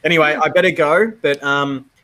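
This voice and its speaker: A man co-hosting a casual video-call chat, relaxed and rambling, laughing often. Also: fairly high pitch, normal speed, low-quality recording. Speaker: podcast co-host.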